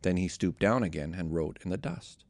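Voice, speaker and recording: A man reading scripture aloud in a steady, measured narration. His voice is gravelly, with a lively rise and fall, and the recording is close and dry. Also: low-pitched, no echo. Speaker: scripture reader.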